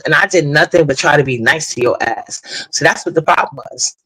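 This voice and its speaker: A woman's voice: low voice, brisk, pushed and bright, breathy edge, low-quality recording. A woman hosts a loose live-stream chat in a blunt, rambling way. She swears without hesitation and drifts from one point to the next. She breaks off now and then to greet people in the chat. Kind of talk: casual live-stream commentary.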